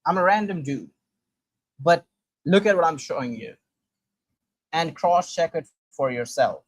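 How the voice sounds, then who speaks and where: A man's voice: on the high side, animated. A man with a somewhat raised voice reads historical quotations aloud, tripping over words and restarting them as he comments between passages. The sound is dry and close, with no room echo around him. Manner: halting, with frequent restarts and fillers while reading. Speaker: commentator presenting sources.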